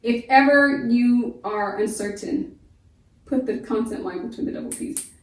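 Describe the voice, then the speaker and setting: Woman, phonics teacher, fairly high voice, slow sounded-out syllables, echoey room, a bit off-mic. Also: recorded from a distance. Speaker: homeschool teacher. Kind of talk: phonics lesson.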